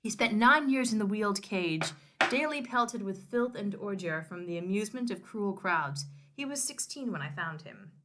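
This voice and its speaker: A woman co-host reading a novel aloud and joking about it, animated and quick to laugh. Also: medium pitch, slight background noise. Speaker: podcast co-host.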